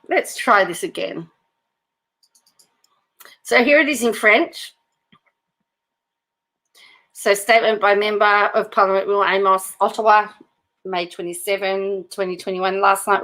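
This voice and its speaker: A woman's voice: medium pitch, a bit bright. Giggly woman reading news aloud. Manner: keeps breaking into giggles while reading; chatty asides to viewers. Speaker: channel host.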